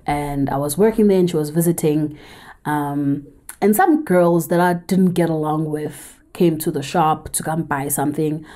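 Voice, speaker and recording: South African woman, candid chatty vlogger, low mellow voice, emphatic storyteller. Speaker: film reviewer and vlogger. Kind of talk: casual storytelling vlog.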